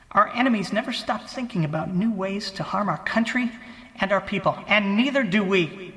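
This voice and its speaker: Man doing a pompous president, grandiose oratory, high bright voice, long hall reverb. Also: exaggerated voice. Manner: grandiose, solemn oratory strung from famous quotes. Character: pompous male president giving a grand speech. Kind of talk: mock political speech.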